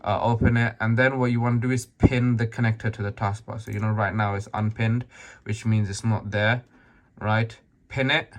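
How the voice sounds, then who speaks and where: Man, slightly hoarse, low-pitched, casual tutorial, rambling, fillers. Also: flat delivery, normal speed. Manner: rambling, full of fillers and restarts, tags "right?". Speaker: tutorial maker. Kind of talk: casual screen-share tutorial.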